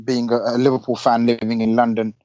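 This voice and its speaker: A man's voice: medium pitch, level tone, a little fast, warm tone, no room sound. A man chatting on a football podcast, rambling and sweary. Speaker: podcast panelist. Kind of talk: casual football banter. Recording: dry, muffled call audio.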